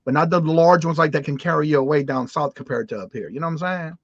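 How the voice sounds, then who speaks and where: A man from Louisiana, a guest reseller, chatting casually and telling animated stories. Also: on the high side, fast, creaky. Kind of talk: casual livestream chat. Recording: dull dry audio.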